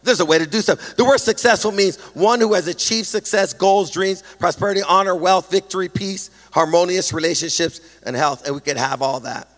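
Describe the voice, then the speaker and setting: A man preaching a sermon as pastor, animated with a sing-song emphasis and self-deprecating humor, speaking into a stage microphone in a large church hall. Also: high-pitched, fairly quick, few pauses.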